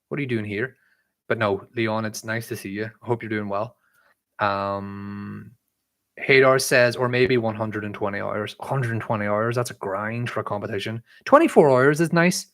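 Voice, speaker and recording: In a casual live-stream Q&A, a chatty Irish man from Northern Ireland answers viewer questions, reading chat messages aloud and rambling with many "um" and "like" fillers. His medium-pitched voice carries a mixed Irish accent shifted by life abroad.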